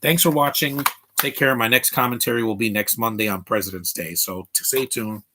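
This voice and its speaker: A man's voice: mid-range voice, fairly even intonation, a little fast, background noise. A man hosting a live movie commentary stream, blunt and opinionated, rambling with restarts.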